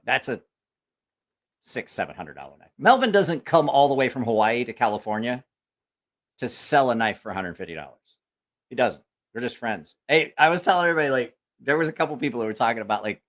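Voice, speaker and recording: A man's voice: mid-range voice, a bit bright. Profane rambling male livestream host. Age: adult with school-age child. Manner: rambling, profane, storytelling with quoted voices. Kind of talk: casual livestream chat.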